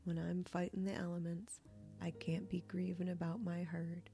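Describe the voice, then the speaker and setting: A woman's voice: fairly low pitch, flat delivery, normal speed, vocal fry, dark tone, faint music behind. Woman reading as a folksy old grandfather. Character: weathered old grandfather, gruff but kindly.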